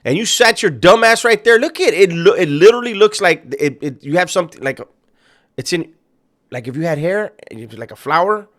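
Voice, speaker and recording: A man's voice: high-pitched, expressive, brisk, a bit bright. A man hosting a reaction video, talking casually with a mocking, incredulous tone and heavy swearing. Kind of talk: casual profane reaction commentary.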